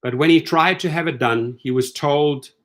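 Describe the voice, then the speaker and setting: Middle-aged male host, slightly high voice, ranting casual commentary, animated and incredulous. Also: moderate pace. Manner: animated, incredulous, acts out quoted lines.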